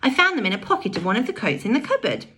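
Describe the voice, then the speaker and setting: A woman reading aloud and voicing a fearless, tomboyish girl who gives orders briskly and fiercely. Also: a little high, wildly swooping pitch, fairly bright tone, voice pushed up. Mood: urgent.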